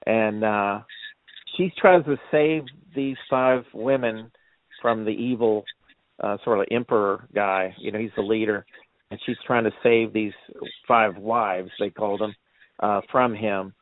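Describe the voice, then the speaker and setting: A man's voice: on the low side, steady tone, unhurried, no room sound. A man co-hosting a casual movie review chat, telling stories in a rambling way and acting out quotes. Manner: rambling storyteller, acts out quotes, laughs often. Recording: tinny phone-like line, dry.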